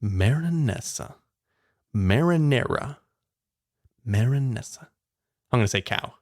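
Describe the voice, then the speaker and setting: A man co-hosting a casual podcast, playfully thinking out loud and laughing often. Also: medium pitch, expressive, unhurried. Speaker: podcast co-host. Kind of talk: casual chat.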